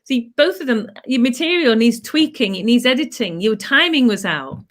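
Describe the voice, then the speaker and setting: Bright-voiced woman telling rambling anecdotes. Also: a little high, animated, moderate pace. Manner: rambling anecdotes with restarts and acted quotes. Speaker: guest. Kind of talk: casual chat.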